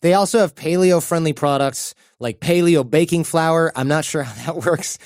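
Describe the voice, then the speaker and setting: A man's voice: a little high, normal speed, darkish tone, no room sound, clean studio sound. Chatty male podcast host reading ads. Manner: chatty, acts out little quoted voices. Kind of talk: casual ad read with banter.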